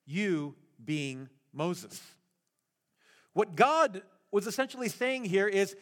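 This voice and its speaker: A man preaching a sermon as pastor, animated and acting out the voices in the story, laughing at his own retellings. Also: sits high, takes it slowly.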